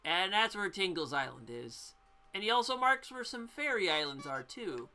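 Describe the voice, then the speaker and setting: A woman's voice: mid-range voice, sing-song, normal speed, bright, forceful tone. A woman hosting a let's play, chatting playfully and explaining the game as she plays. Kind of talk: video game commentary. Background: faint game music.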